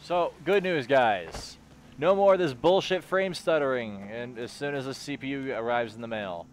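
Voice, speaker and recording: A gaming streamer with a medium-pitched voice talks at a moderate pace in casual let's play commentary. He makes crude jokes and talks back at the game while playing, with game music behind him and slight background noise.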